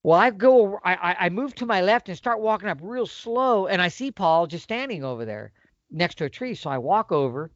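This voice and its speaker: A man's voice: sits high, moderate pace, dry recording. A middle-aged man telling a hunting story in a casual, folksy way. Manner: animated, folksy storyteller with lively swings. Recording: dull, lo-fi dry sound.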